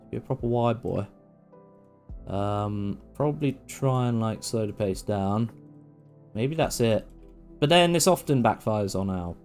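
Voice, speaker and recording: His voice mid-range and somewhat dark, a man swears his way through casual live-stream commentary of a football management game, chatting to the on-screen players and ranting at length.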